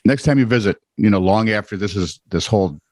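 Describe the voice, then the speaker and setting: A man co-hosting a playful news podcast. His pitch swings widely as he reads odd headlines and tosses in wry jokes. The sound is dry and close. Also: expressive, brisk, a little mellow, dry recording. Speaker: podcast co-host. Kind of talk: casual comedic news chat.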